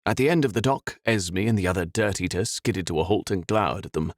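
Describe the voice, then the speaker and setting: A man reading a fantasy audiobook in an expressive, dramatic way. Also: low voice, a little fast. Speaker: audiobook narrator. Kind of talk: scripted fantasy narration.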